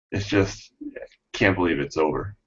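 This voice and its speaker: A man's voice: low-pitched, husky. A man narrating his character's emotional moment in a tabletop game, hesitant, with sighs and laughs. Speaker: player. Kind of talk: tabletop role-play narration. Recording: dull lo-fi recording.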